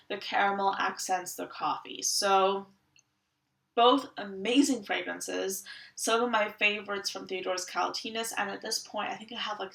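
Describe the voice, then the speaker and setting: A woman talks through her perfume collection in a casual review, eager and full of description. Her voice is bright with a gravelly edge. She sits a little back from the mic in a roomy, echoey space. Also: mid-range voice, distant mic. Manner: enthusiastic, descriptive. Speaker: fragrance reviewer.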